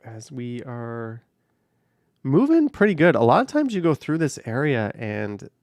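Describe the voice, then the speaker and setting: A man livestreams casually from his car while driving, reading viewer comments in a rambling, offhand way and hedging with "I don't know." His voice sits at medium pitch with huge swings, moves at a measured pace, and sounds a little mellow. The dry recording comes from a camera on a car mount.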